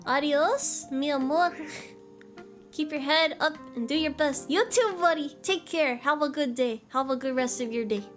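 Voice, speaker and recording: Young woman, high voice, giggly casual streamer chat, faint music under it. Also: normal speed, few pauses, a bit bright. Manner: giggly, self-deprecating, trails off and restarts. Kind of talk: casual chat reading viewer messages.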